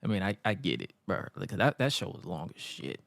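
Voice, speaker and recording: A man's voice: low voice, brisk, gravelly, dry recording, studio quality. A man co-hosting a casual recap chat, telling the story with energy and acting out lines in funny voices. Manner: animated, acts out wrestlers' lines in funny voices. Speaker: podcast co-host.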